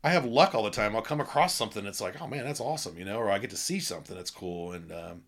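A man's voice: on the low side, fast talker, a bit bright. A man in his forties, a podcast guest, chatting candidly in a blunt, rambling way with many restarts. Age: 40s. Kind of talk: casual conversation.

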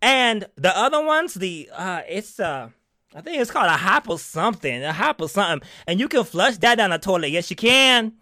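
A man's voice: high-pitched, sing-song, bright, forceful tone, dry recording, studio quality. A man hosting a casual chat show, sassy and theatrical, calling his listeners honey and repeating words for emphasis. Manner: drawn-out, emphatic repetition. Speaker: podcast host.

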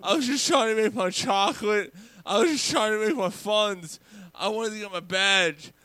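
A man's voice: high voice, normal speed, bright, forceful tone, pitched above the performer's own voice. A man voicing a chubby boy selling chocolates door to door, whining and pleading over and over. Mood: apologetic pleading. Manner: pleading, whiny, repetitive.

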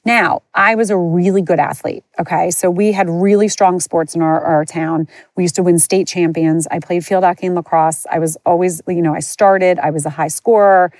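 Woman podcaster, personal storytelling, lowish pitch, rambling candid delivery, dry room. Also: a little mellow, no room sound. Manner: candid, rambling, many fillers and restarts. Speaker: podcast host. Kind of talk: personal storytelling, casual chat.

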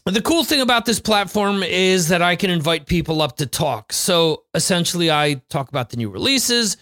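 A man's voice: high-pitched, animated, normal speed, sharp tone, no room sound, clean studio sound. A man hosting a podcast in a chatty, rambling way. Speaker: podcast host. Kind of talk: casual podcast chat.

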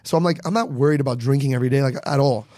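A young man, a comedian, telling comic stories in a casual podcast chat and acting out quick voices. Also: medium pitch, dry recording, studio quality. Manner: animated, acts out bits with quick quoted voices. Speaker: comedian guest.

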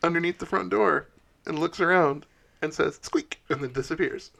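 A man narrating a tabletop role-playing game as game master, in a playful, deadpan way. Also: on the high side, moderate pace, vocal fry, a little hiss or hum.

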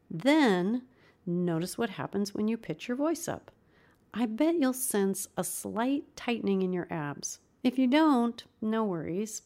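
Woman voice teacher, mid pitch, upbeat coaching delivery with demonstrations. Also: darkish tone. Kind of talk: instructional video lesson.

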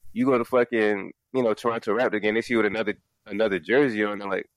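Man, casual sports podcast host, swears a lot, low pitch, dry close sound. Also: fairly even intonation, fast talker, dry recording. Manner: loose, profane, rambling with restarts and laughs.

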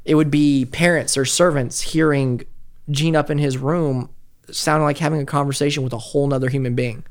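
A man's voice: fairly high pitch, fairly quick. Swearing man telling a story. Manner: profane, animated storyteller. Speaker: podcast host telling the story. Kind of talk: casual storytelling chat.

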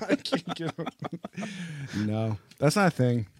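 A man's voice: on the high side, dry recording, studio quality. A young man co-hosting a podcast, chatting casually, arguing playfully and laughing a lot. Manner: lively, laughing, argumentative. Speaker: podcast co-host. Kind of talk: casual chat.

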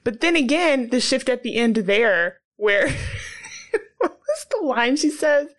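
A woman co-hosting a podcast reviews a movie she found badly written, speaking slowly in a high voice with big pitch swings. The chat is loose and casual, full of "like" and frequent laughter.

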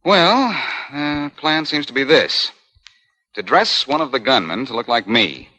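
Boston Blackie, a wisecracking hero. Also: male voice, mid-range voice, expressive, measured pace, pushed and bright. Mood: cocky. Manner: wry, breezy wisecracks. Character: wisecracking reformed male crook hero, cool and cocky. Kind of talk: 1940s radio acting. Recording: muffled old radio recording.

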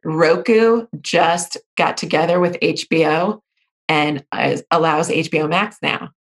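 A woman with a slightly low-pitched voice talks through a casual podcast chat. She tells stories in an animated, breezy way, tossing in playful asides. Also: unhurried. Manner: chatty, animated storyteller.

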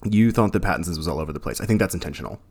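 Man, very low voice, casual rambling podcast co-host. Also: lively intonation, rapid-fire, darkish tone. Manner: rambling, many fillers and restarts. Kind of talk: casual film discussion.

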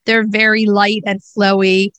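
A woman's voice: medium pitch, flat delivery, unhurried, a bit bright, dry recording. A woman co-hosting a podcast, chatting enthusiastically and laughing easily. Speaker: podcast co-host. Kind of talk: casual podcast chat.

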